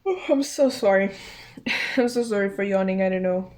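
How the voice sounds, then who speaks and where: A woman's voice: mid-range voice, moderate pace, darkish tone. A young woman chatting casually through a tarot card reading, thinking aloud, often apologizing and restarting her sentences. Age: young adult. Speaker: tarot reader.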